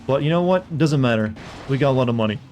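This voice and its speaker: A man's voice: medium pitch, animated, fast, darkish tone, a little hiss or hum. A man with a Southern US accent, casually rambling and joking with viewers while playing a game. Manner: rambling, jokey, chatting with viewers. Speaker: streamer. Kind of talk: casual gameplay commentary.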